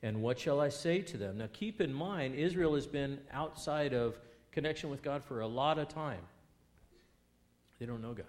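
A man preaching a sermon, reading scripture aloud and putting rhetorical questions to his listeners, swinging between loud emphasis and quiet asides. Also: medium pitch, expressive, normal speed.

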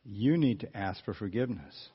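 A man voicing the Holy Spirit as a quiet, firm inner voice. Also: on the low side, animated, normal speed, breathy edge, muffled recording, voice pushed down.

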